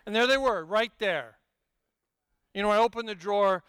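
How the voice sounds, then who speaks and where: An older man delivers a sermon in a high, bright voice that rings with energy. He tells stories with humor and swings from hushed asides to shouted peaks, with a smooth, resonant tone in a dry, close sound. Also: moderate pace, no echo. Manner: storytelling with humor. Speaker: pastor.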